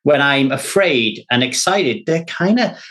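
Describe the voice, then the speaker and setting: A man's voice: medium pitch, lively intonation, unhurried, fairly bright tone. A man hosting a podcast, talking earnestly in a rambling, repetitive way. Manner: earnest, rambling, repeats words when thinking. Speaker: podcast host. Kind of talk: casual podcast chat.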